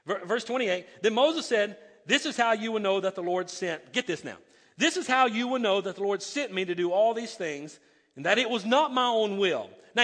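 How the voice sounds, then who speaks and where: Here a pastor with a high, slightly bright voice reads scripture during his sermon, adding emphatic remarks along the way. His sentences tend to start with repeated words and false starts, and the sound bounces around a reverberant hall.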